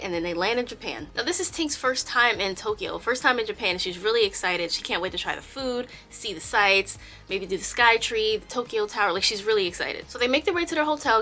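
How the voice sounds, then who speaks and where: Chatty woman telling a storytime. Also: medium pitch. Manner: chatty, animated. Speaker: YouTuber. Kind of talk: storytime narration.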